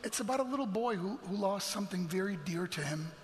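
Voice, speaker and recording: A man telling an emotional personal story to an audience in a large hall, earnest and sometimes dropping to hushed near-whispers. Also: sits high, animated, fast, a little hiss or hum. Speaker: motivational speaker. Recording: long hall reverb, faint music.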